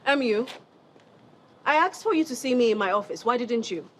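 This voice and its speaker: A woman's voice: a little high, expressive, normal speed, fairly bright tone, a little hiss or hum. A woman with a Nigerian accent playing a haughty young company executive in a TV drama, talking in a cold, cutting, condescending way. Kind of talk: TV drama acting.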